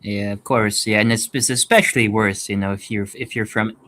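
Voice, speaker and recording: An American man in a casual discussion, speaking haltingly with frequent restarts. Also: fairly low pitch, steady tone, pushed and bright. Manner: hesitant, many restarts and fillers.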